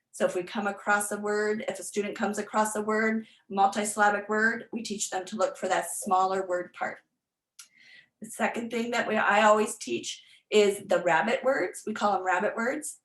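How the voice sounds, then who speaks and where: A woman literacy tutor giving an online workshop presentation, explaining step by step with frequent ums and restarts. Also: medium pitch. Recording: echoey room.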